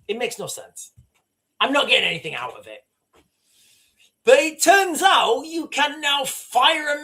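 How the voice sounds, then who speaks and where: A northern English man hosting a livestream, giving fast, rambling political commentary with many restarts. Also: extremely high pitch, bright, forceful tone. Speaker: livestream host.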